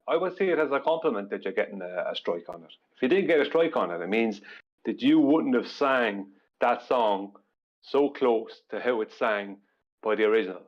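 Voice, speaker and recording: A man on a panel in casual chat, making his point slowly and in a measured way, with some repetition. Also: mid-range voice, muffled recording. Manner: slow, measured, repeating himself.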